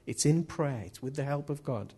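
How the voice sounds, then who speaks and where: Husky-voiced man preaching. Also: medium pitch, moderate pace, warm tone. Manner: earnest, repeats key phrases. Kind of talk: sermon.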